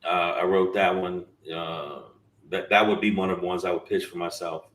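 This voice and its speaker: A man's voice: low voice, steady tone, normal speed, a bit bright. A man, a comedian guest, talking casually in an interview and joking, sometimes slipping into mock voices.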